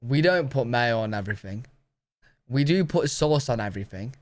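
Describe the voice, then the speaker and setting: Chatty man reacting. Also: medium pitch. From Britain. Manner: chatty, excitable, asks quick questions. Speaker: reaction video host. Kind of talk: casual reaction commentary.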